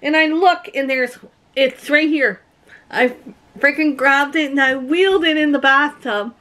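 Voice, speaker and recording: Her voice is high and a bit bright, and she keeps a measured pace. She's a middle-aged vlogger in rural Canada, casually chatting to camera, full of stories and frequent laughter.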